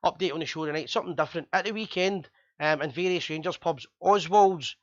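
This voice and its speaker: A Scottish man hosting a fan chat show, talking fast and chatty with jokes. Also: a little high, dry recording, muffled recording.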